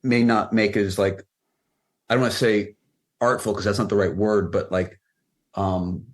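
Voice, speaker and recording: A man's voice: lowish voice, steady tone, unhurried. A man talking as a director guest on a podcast, rambling in a casual way with many fillers and restarts. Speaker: film and music video director, guest. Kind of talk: casual interview chat.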